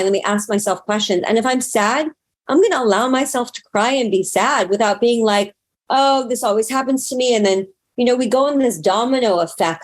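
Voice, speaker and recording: Speaking at a fairly high pitch, this spiritual teacher and healer is a casual interview guest. She's animated, swears freely, and acts out her own inner voice.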